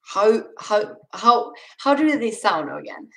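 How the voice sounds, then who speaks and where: A woman's voice: medium pitch, very animated, takes it slowly, creaky, bright, forceful tone, low-quality recording. A young woman with a Swedish accent, casually reading chat questions aloud on a live stream and answering them with restarts and laughs. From Sweden.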